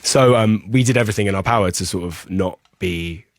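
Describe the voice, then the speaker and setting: A man's voice: lowish voice, brisk, no echo, studio quality. A man guesting on a podcast, telling a long story in a casual, rambling way full of fillers and restarts. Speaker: musician guest.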